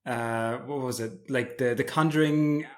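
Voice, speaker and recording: A man talks casually about films on a podcast, his account animated and amused and full of restarts. His voice sits at an ordinary middle pitch. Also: a little slow. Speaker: podcast guest discussing films. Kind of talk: casual film chat.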